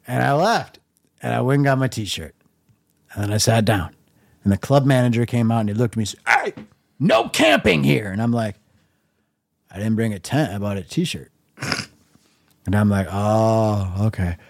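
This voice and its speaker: A middle-aged man casually telling a long story on his own podcast, wry and laid-back, dropping to a low mumble when he quotes himself. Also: moderate pace, pauses often, darkish tone, no room sound, clean studio sound. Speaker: podcast host.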